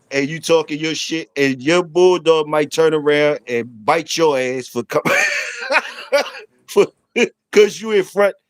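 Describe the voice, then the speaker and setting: A man's voice: on the high side, clear, resonant tone, no room sound, studio quality. A middle-aged man hosting a casual stream, teasing viewers with profane, laughing banter. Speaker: channel host. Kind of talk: casual livestream chat.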